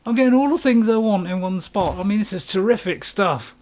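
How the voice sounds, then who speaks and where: A man runs a gaming channel, narrating live while he plays and muttering to himself, lurching from panic to calm. His voice is high and his delivery brisk.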